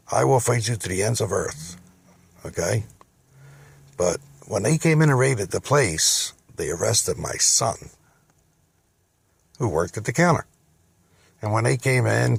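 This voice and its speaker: A middle-aged man tells his own story in a rough, gravelly voice with a husky edge. He talks casually and gets indignant, his voice rising when he quotes what he said. The recording is close and dry, with no room sound. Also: lowish voice, dry recording. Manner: indignant, animated when quoting himself. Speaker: business owner telling his story. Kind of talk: casual first-person storytelling.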